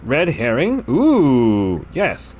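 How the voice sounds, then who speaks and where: A man's voice: medium pitch, wildly swooping pitch, extremely slow, a little mellow, breathy edge. A man streaming a game, chatting casually and thinking aloud about his choices between frequent laughs. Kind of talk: casual gameplay commentary.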